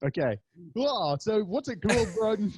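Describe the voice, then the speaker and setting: A man's voice: high voice, big pitch swings, normal speed, slightly rough, dry recording. A young man co-hosting a podcast in casual chat, jokey and playful. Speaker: podcast co-host.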